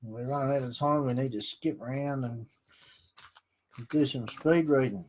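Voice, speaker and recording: A man's voice: mid-range voice, moderate pace, a little mellow, poor audio. A man co-hosting a casual live stream, reading out comments with dry, joking banter. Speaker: co-host reading viewer comments.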